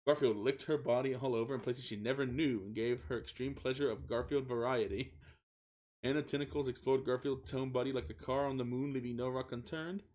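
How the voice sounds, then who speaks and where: A man's voice: medium pitch, fairly even intonation, a little fast, a little mellow. A young man streaming a comic reading of fan fiction, giggling, stumbling over words and swearing in asides.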